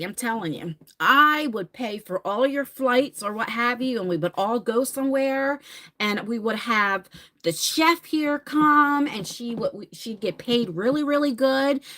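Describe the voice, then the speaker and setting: A woman in her forties chatting candidly with viewers, laughing often and rushing through some phrases. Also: fairly high pitch, fairly bright tone. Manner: chatty and candid, laughing, bursts of fast talk. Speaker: vlogger answering viewer questions. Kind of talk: casual chat.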